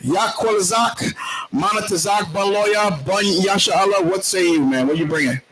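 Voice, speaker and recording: A man with a high-sitting voice leads a congregation class at normal speed, calling on members one at a time in a jovial, teasing roll call and saying hallelujah often. The low-quality recording was made in an indoor meeting room, where congregation chatter and voices fill the background.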